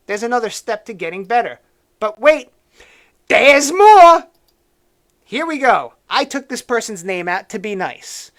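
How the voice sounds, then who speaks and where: A man's voice: high voice, a bit bright. A man hosting a live-streamed news commentary show, ranting with sarcastic and preachy asides.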